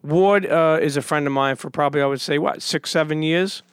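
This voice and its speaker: A man hosting a podcast, with a fairly high voice, rambling through a profane story full of restarts and false starts. He sounds close and dry, as if speaking right into the mic. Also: brisk, smooth, no room sound. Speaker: podcast host. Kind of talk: casual podcast chat.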